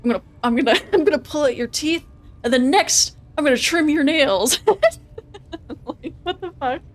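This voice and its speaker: A woman's voice: sits high, brisk. A young woman live-streaming a video game, chatting casually, laughing often and reading game options aloud.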